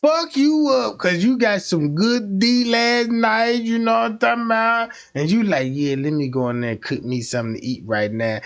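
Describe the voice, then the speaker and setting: Dude telling wild stories on stream, lots of slang n cussing, playing all the parts. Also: male voice, high voice, moderate pace, few pauses. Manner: animated, acts out voices of people in his stories; profane street slang. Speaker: livestream host. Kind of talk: casual livestream storytelling.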